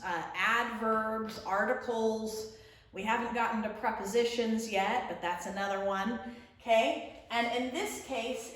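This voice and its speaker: A woman teacher explaining a lesson slowly and patiently, stretching out example words. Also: medium pitch. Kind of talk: remote classroom lesson. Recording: very echoey room.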